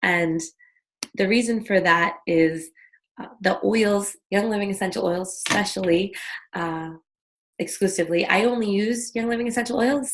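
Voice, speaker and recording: A woman hosting an online wellness workshop over a video call, talking in a friendly, chatty way and guiding listeners through a breathing exercise. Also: fairly low pitch. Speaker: workshop host. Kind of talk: casual online workshop talk.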